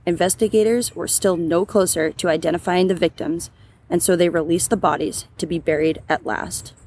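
A woman's voice: lowish voice, vocal fry, a little mellow, a little hiss or hum. A woman co-hosting a true crime podcast, reading the case as a script and then chatting loosely about it with many restarts. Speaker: podcast co-host.

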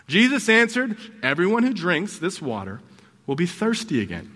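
Animated preacher, bright lively voice. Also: male voice, high-pitched, in a large hall. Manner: animated, conversational preaching with playful asides. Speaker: pastor. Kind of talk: sermon.

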